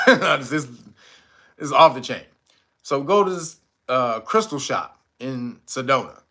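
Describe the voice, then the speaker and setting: A man's voice: mid-range voice, bright, forceful tone. A man hosting a livestream, telling a casual, profane story and laughing often. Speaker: livestream host.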